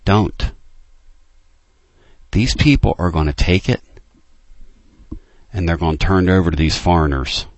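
A man hosting a late-night sports call-in show, ranting with fire and dropping to low, intense urging. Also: measured pace, pauses often, no room sound. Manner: fired-up ranting, swinging between loud outbursts and low intense urging. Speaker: sports talk show host.

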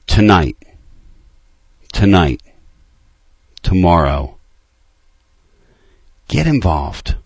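A man hosting a late-night sports call-in show, ranting with fire and dropping to low, intense urging. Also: sing-song, normal speed, pauses often, no room sound. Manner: fired-up ranting, swinging between loud outbursts and low intense urging. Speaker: sports talk show host.

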